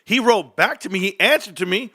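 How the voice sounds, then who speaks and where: A man's voice: high-pitched, lively intonation, brisk, bright, forceful tone, dry recording, studio quality. A man in his forties rambling and joking to his viewers in a casual rant. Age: 40s. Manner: rambling, joking, tangent-prone. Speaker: stock market vlogger.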